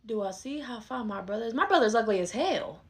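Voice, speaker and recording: Comedy skit: woman as a sarcastic, fed-up grown daughter, rapid delivery, slightly high voice. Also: expressive, close to an everyday voice. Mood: frustrated. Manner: argumentative, sarcastic. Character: exasperated young adult daughter arguing with her mom. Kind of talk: skit role-play.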